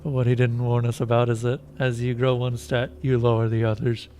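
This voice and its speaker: Casting: a man as a tedious, droning game character who speaks in a flat monotone. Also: medium pitch, a little fast, a little hiss or hum, natural voice. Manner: boring monotone delivery. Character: dull, droning unshaven adult man.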